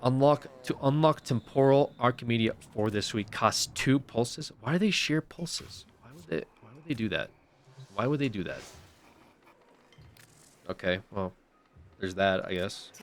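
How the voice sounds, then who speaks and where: A man's voice: mid-range voice, lively intonation, a little slow, a little hiss or hum. A young man giving casual commentary while streaming a game, often exasperated and swearing.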